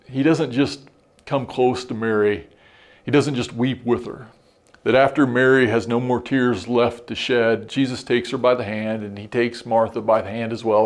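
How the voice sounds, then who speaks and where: Middle-aged guy pastor giving a sermon, earnest and reflective, keeps restarting words, mid pitch.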